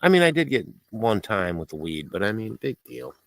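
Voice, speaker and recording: A man's voice: on the low side, very animated, normal speed, creaky. A man hosting a livestream, chatting casually and reading out viewer comments, rambling and poking fun at himself with frequent laughs. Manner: rambling and self-mocking, with frequent laughs and fillers. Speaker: livestream host.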